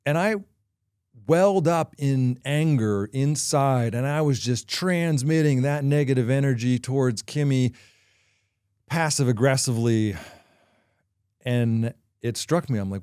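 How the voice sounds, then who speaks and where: A middle-aged man hosting a podcast, talking through a personal confession in a candid, halting way with frequent pauses. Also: medium pitch, mellow, clean tone, no echo, studio quality. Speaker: podcast host.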